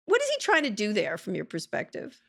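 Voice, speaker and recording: A woman hosts a podcast interview and steers it with short prompts and pointed questions. Her voice sits in a middle pitch. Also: wildly swooping pitch, fairly quick, vocal fry, breathy edge. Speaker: podcast host.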